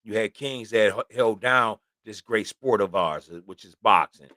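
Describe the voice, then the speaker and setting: A man's voice: fairly low pitch, normal speed, sharp tone, no room sound. Casual man talking boxing, dry sound. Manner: conversational, keeps saying "you know what I'm saying". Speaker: host. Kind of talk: casual sports talk.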